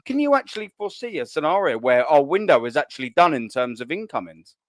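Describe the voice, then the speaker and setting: Higher-voiced male host, dry sound. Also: sing-song, fast, no room sound. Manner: rambling, swears casually, frequent restarts. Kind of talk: casual live podcast chat.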